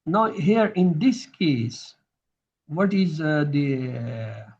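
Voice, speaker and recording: A man's voice: a little high, very animated, very slow, husky, highs cut off. A man teaching grammar in a recorded lesson, patiently repeating each term so students can drill it.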